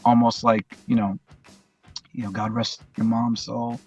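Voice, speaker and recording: A man's voice: medium pitch, little pitch movement, unhurried, a little mellow, lo-fi sound, faint music behind. A man talking as a podcast guest in a casual, reflective way, often repeating himself and speaking from the heart. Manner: rambling, repeats phrases, heartfelt. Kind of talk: casual reflective interview talk.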